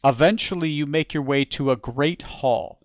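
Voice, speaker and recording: A man's voice: on the high side, normal speed, no room sound, muffled recording. Laid-back man running a tabletop game. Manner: relaxed, with frequent fillers and repeats. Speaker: game master.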